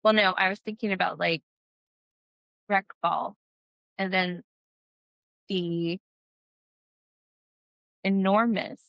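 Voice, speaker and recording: A woman's voice: medium pitch, steady tone, slow pace, vocal fry, long pauses, fairly bright tone, dry recording, muffled recording. A woman in her thirties, a mother who hosts a podcast, talking in a casual, chatty way with lots of fillers. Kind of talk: casual chat.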